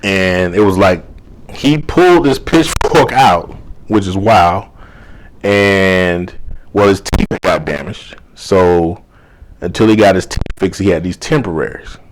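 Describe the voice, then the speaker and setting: A man's voice: deep voice, unhurried. A man working as a life coach, telling a personal story casually and acting out the dialogue as he goes. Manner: animated retelling full of quoted dialogue and "you know".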